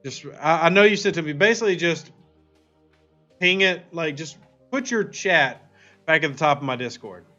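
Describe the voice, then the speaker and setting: A man's voice: fairly high pitch, expressive, normal speed, pauses often, sharp tone, lo-fi sound, faint music behind. A man hosting a casual gaming livestream, reading viewer chat aloud and answering playfully. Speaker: livestream host.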